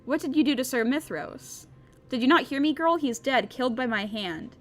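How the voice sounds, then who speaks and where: A woman's voice: sits high, animated, normal speed, a bit bright, faint music behind. A woman voicing a cold, ruthless male royal advisor who lectures sternly. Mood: menacing.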